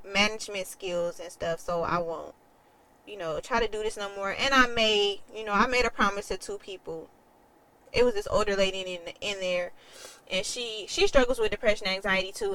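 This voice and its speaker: A woman's voice: mid-range voice, poor audio. Young woman, casual storytelling, candid, emotional, swears, acts out quotes. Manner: quotes others in a changed voice. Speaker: vlogger.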